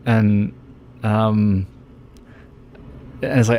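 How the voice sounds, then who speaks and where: A man's voice: lowish voice, steady tone, slow, long pauses, a little mellow, a little hiss or hum. A man streaming a game who chats casually, rambles and laughs often.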